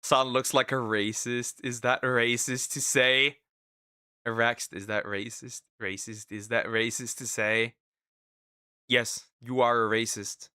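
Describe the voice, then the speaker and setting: A man streaming and reacting to videos in casual commentary, animated and exclaiming, often repeating himself. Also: mid-range voice, takes it slowly, clear, resonant tone, no echo, studio quality.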